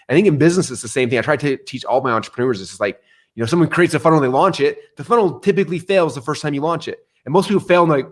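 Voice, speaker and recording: A middle-aged man telling stories in an interview, energetic and animated, acting out the voices he quotes. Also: medium pitch, rapid-fire. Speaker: guest. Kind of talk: storytelling interview answer.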